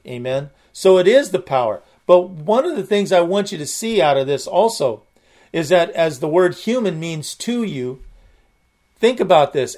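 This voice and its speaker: A man's voice: a little high, darkish tone. A man preaching a sermon, explaining the meanings of words with enthusiasm and frequent restarts. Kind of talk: sermon teaching.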